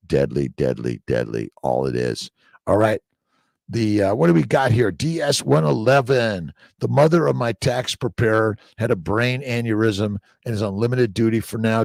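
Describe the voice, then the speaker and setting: A middle-aged man hosting a casual live-stream chat, reading viewer comments aloud in an upbeat, exclamatory way that swings between loud bursts and low murmurs. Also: dry recording, clean studio sound.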